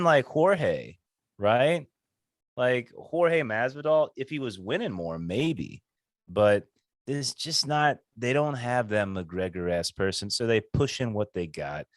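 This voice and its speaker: A man co-hosting a casual podcast, sharing strong opinions in an animated, profane way. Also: mid-range voice, no echo, studio quality. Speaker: podcast co-host. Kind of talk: casual chat.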